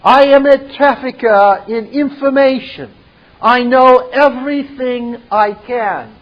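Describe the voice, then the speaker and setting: Brief: a man playing a smug, grandiose French-styled villain program, raised and high voice, dull lo-fi recording. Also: takes it slowly. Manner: grandiose, theatrical.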